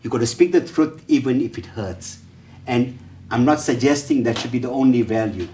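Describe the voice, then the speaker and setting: A male trainer lectures through anecdotes, slipping into changed voices for the characters and pausing on fillers. He sounds set back from the microphone. His voice carries a roomy echo. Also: mid-range voice, mellow, slight background noise. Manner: storyteller who acts out the dialogue in changed voices, with frequent fillers. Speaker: educational trainer giving a workshop talk. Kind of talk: lecture told through stories. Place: talk venue, roomy space. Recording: roomy echo, distant mic.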